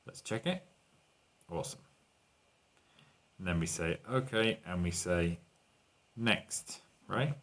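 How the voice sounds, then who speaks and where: A man's voice: low voice, animated, takes it slowly, long pauses, fairly bright tone. A man teaching an online English lesson, walking learners through exercises and translating lines into Spanish.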